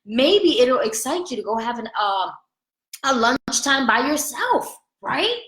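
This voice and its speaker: A woman life coach giving an animated motivational talk, asking "right?" often and laughing between points. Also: on the high side, a little slow, echoey room, poor audio.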